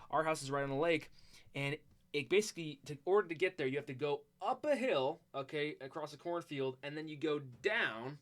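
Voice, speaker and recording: A storyteller telling a story in a rambling, swearing way, full of restarts and sudden loud bursts. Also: mid-range voice.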